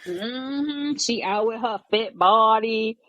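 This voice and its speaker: A woman's voice: fairly high pitch, takes it slowly, a bit bright. A woman with a New York accent from the Bronx, co-hosting a podcast in a playful, slangy casual chat. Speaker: podcast co-host.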